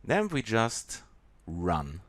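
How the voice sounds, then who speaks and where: A man with a German accent walking through a software tutorial in a halting way, with many pauses and fillers. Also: fairly low pitch, huge pitch swings, dry recording. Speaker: software demonstrator.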